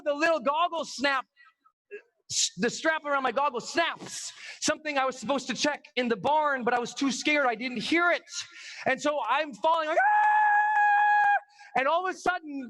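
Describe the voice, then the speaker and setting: A man giving an energetic storytelling talk at a live event, acting out scenes and shouting the dramatic parts. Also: extremely high pitch, moderate pace, rough recording. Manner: animated, acts out scenes and screams. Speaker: motivational speaker.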